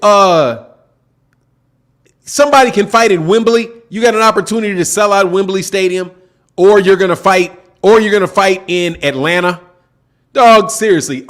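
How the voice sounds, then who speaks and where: High-voiced emphatic man ranting. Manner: emphatic, repetitive, slangy, talks back to chat. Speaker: boxing channel host. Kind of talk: casual live-stream commentary.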